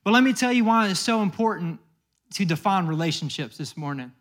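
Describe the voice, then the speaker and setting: A man's voice: sits high, expressive, fairly quick, a bit bright. A man preaching a sermon, telling stories in a loose, conversational way and acting out the people in them. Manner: conversational storytelling with acted quotes. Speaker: pastor.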